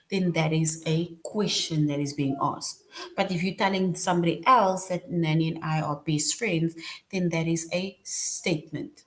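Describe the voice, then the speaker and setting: A woman with a slightly low voice teaches an online class. She talks patiently and explains step by step with examples. She keeps asking "right?" to check that her students follow. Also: normal speed.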